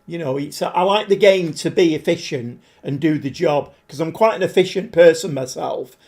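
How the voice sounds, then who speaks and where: A man live-streaming a game, chatting to viewers and getting easily frustrated, his voice a bit hoarse. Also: fairly high pitch, moderate pace, a little mellow. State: voice struggling, slightly hoarse. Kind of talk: live-stream commentary while playing.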